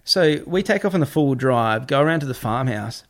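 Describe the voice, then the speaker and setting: A man's voice: mid-range voice, lively intonation, a little fast. A young adult man, telling a story as a guest in casual chat, with a rambling delivery full of "like" fillers. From Australia.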